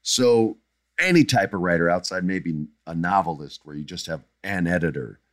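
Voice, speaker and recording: A man's voice: low voice, animated, moderate pace, no room sound, clean studio sound. A middle-aged man hosting a podcast, answering listener questions in blunt, emphatic casual chat that drifts into jokes.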